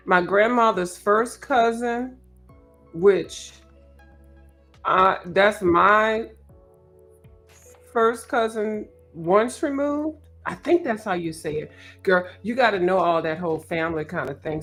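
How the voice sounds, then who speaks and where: A woman hosting a casual art livestream from home, chatty and joking as she talks straight to her viewers. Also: mid-range voice.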